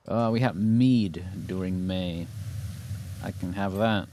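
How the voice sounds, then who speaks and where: A man's voice: sits low, slow, mellow. A man streaming a game and chatting casually, laid-back and rambling, swearing and laughing often. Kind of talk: casual chat while gaming.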